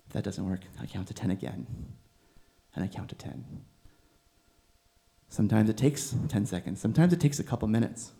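Gentle conversational young male preacher. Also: fairly low pitch, expressive, brisk, creaky, pauses often. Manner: conversational, gentle, with bursts of exasperated emphasis. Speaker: preacher, seminary student. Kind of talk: sermon.

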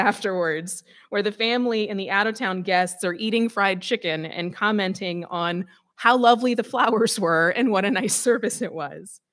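A woman preacher reading scripture aloud and giving a sermon, conversational and expressive with dramatic emphasis. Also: mid-range voice.

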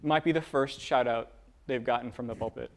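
A man preaching a casual sermon, talking in halting bursts full of fillers and restarts. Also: mid-range voice. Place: church with a room of divinity students.

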